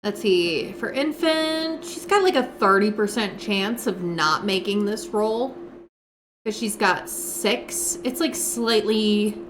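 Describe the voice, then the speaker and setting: Slow, chatty woman streaming a game. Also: medium pitch, slight background noise. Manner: chatty, talks viewers through each step and answers chat. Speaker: live streamer. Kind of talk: live gameplay commentary.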